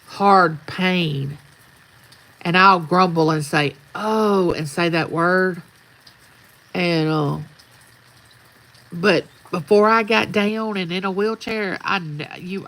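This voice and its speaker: A woman's voice: fairly low pitch, bright, forceful tone, low-quality recording. An older woman, telling folksy stories in a rambling, casual chat outdoors. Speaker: vlogger. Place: outdoors at sunrise.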